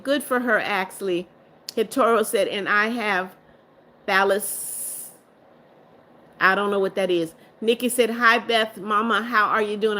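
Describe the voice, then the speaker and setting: A woman hosting a live stream, reading viewer comments aloud and answering them, firm and quick to block trolls. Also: mid-range voice, bright, forceful tone. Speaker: livestream host.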